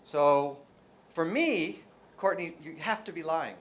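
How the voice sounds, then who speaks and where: An American man from New Jersey lecturing as a linguistics professor, with a voice pitched a little above most men's. He keeps the audience engaged with jokes and rhetorical questions and sounds out example words one by one. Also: takes it slowly. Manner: lively, joking, full of rhetorical questions to the audience. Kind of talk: academic lecture to a live audience.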